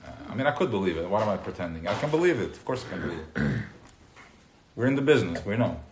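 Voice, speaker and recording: A man giving an informal live class to a small group, who gets worked up and loud, then drops into quiet asides. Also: fairly low pitch, sing-song, fast. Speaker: teacher of a class. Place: room with a small live audience. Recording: roomy live recording with faint noise.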